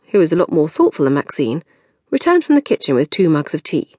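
A woman narrates a novel in a low voice with lively, rising and falling intonation. Her delivery is expressive storytelling, recorded in a studio. The sound is close and completely dry. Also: fast talker, no room sound. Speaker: audiobook narrator.

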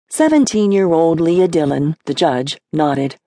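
Low-voiced woman narrating a novel. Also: moderate pace, warm tone, no echo, clean studio sound. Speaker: audiobook narrator. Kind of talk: scripted narration.

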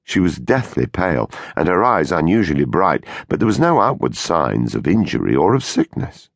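Male thriller narrator: very deep, lively melody, dry studio sound, measured and suspenseful. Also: gravelly, no room sound. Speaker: audiobook narrator. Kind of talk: scripted audiobook narration. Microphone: close studio mic.

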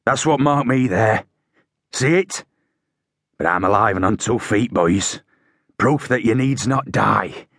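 A man voicing a scarred, zealous old army sergeant who barks orders in a gruff voice. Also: lowish voice, a little slow, fairly bright tone, no room sound, studio quality, heavily acted. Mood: fervent. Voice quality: gruff, barking. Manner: bellows drill orders, fervent.

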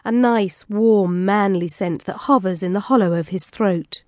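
A woman narrates a first-person erotic audiobook in an intimate, expressive way. Her voice sits in the middle range. The recording is dry and close, with no room echo. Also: mid-range voice, unhurried.

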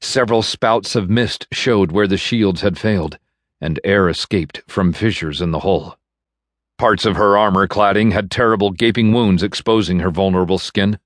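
A man narrating an audiobook in a measured, even storytelling manner, recorded in a studio. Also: low voice, no echo. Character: bitter man navigator. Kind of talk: scripted narration. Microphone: studio microphone.

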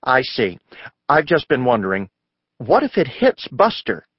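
A man's voice: wildly swooping pitch, unhurried, husky, no echo, muffled recording, exaggerated voice. A man voicing an anxious, fussy mother in a storybook reading. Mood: fretting. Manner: anxious, higher voice.

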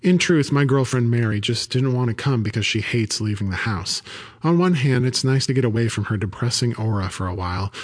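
A man narrating a story in the first person for an audiobook, with even, steady storytelling. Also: mid-range voice, fairly quick.

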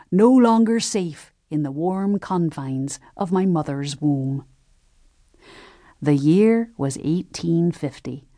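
A woman narrating a historical novel as an audiobook, telling the story in a measured, gentle first-person voice. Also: fairly low pitch, dry recording, studio quality.

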